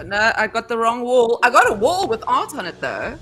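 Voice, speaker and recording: A woman on a casual live stream, talking in an excitable, animated way. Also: a little high, normal speed, faint music behind.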